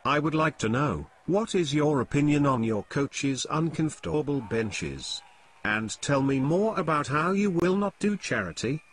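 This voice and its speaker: Male actor voicing a sly, pestering stalker brother, lower gruff delivery. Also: lively intonation, measured pace, a little hiss or hum. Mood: needling.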